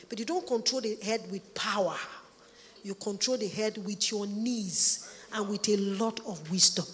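A woman's voice: mid-range voice, normal speed. A woman preaching a sermon, emphatic, repeating her points for stress. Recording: echoey hall, long reverb.

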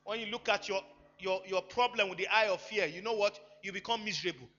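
Pastor preaching, high piercing voice, echoey church, dull lo-fi sound w faint music. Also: male voice, brisk. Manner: emphatic preaching with sudden loud bursts and quiet asides. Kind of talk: sermon.

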